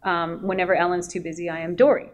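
A woman voice actress on a convention panel, telling animated stories and acting out quotes with a laugh. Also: on the low side, fast talker, a little hiss or hum. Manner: lively, acts out quotes and laughs often. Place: convention hall.

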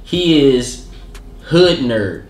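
A man hosting a casual TV review chat, talking animatedly and acting out scenes in quick put-on voices. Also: mid-range voice, lively intonation, roomy sound, soft background music. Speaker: show host.

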